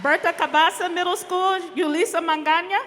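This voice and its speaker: A woman announcing award winners at a school assembly, reading names slowly and calling each one up to the stage. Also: very high voice, steady tone, background noise. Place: large school hall or auditorium. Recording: reverberant hall, faint ambience.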